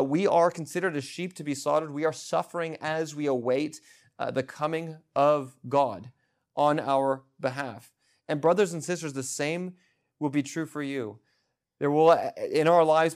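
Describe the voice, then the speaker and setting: Earnest man preaching a sermon. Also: fairly high pitch. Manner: earnest, emphatic, with frequent restarts and fillers. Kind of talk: expository sermon.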